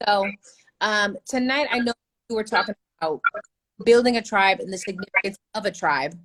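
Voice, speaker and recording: A woman's voice: medium pitch, normal speed, a bit bright, poor audio. A woman in her thirties from the United States, hosting a casual chat show in a chatty, profane manner. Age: 30s. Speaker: podcast host.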